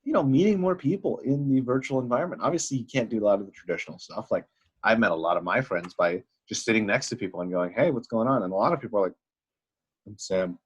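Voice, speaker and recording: A young man co-hosting a casual podcast chat, talking in an animated way and acting out the people he quotes. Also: on the low side, very fast, slightly rough, lo-fi sound. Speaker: podcast co-host. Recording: online call audio.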